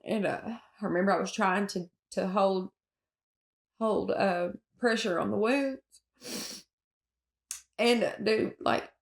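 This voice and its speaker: A Southern woman from Alabama, recounting her own story in an interview in a halting way, with many fillers and restarts and nervous laughs. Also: mid-range voice, gravelly. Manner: emotional, with nervous laughs at hard moments.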